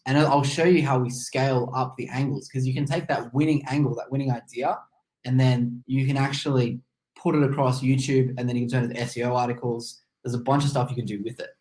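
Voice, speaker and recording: A man gives a relaxed screen-share webinar on a video call, walking through steps with lots of fillers while his mouth is numb from a tooth extraction. His medium-pitched voice moves fast, and the recording quality is low.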